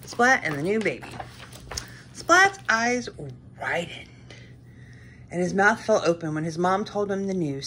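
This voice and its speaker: A woman reading a children's picture book aloud with lively, expressive storytelling. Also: medium pitch, a little slow, pauses often, slight background noise.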